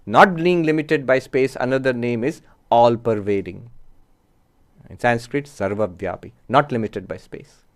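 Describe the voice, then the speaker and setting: Speaking as a Vedanta teacher, a man gives a measured, explanatory spiritual discourse and frequently poses rhetorical questions. He has a mid-range voice.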